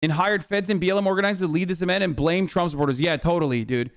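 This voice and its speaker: A man's voice: high voice, fast. A man streaming a reaction to a documentary, ranting in a heated, profane, sarcastic way. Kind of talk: casual reaction commentary.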